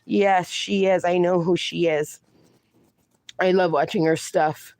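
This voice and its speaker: A woman's voice: on the low side, fairly even intonation, slow pace, darkish tone, no room sound. Woman, casual livestream chat, chatty and affectionate, phone mic, dry recording. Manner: chatty, affectionate, calls viewers darling and honey. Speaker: livestream host.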